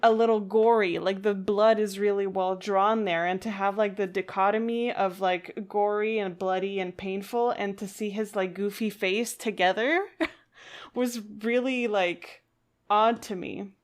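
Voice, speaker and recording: A woman's voice: mid-range voice, steady tone, unhurried. A woman co-hosting a podcast in casual chat, thoughtful and hesitant, with frequent fillers and restarts. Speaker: podcast co-host.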